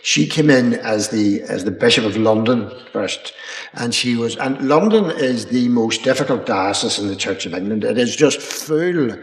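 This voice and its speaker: An older man, an archbishop, answering questions at a public dialogue in a measured, rambling way, pausing with ums and restarts. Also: mid-range voice, lively intonation. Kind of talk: unscripted panel answer. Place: college chapel. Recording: echoey chapel with long reverb.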